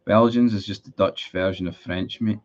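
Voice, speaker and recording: Sweary Scottish football streamer. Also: male voice, sits low, steady tone, moderate pace, muffled recording. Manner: frustrated, sweary, chatty with viewers. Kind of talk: live match watchalong commentary.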